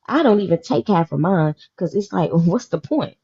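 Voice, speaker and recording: A woman in her thirties hosts a casual podcast panel, her voice husky and a little low. She speaks with emotion and stresses her points again and again. The sound is dull and lo-fi. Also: animated, moderate pace, dark tone. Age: 30s. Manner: emotional, emphatic, repeats herself. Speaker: podcast host.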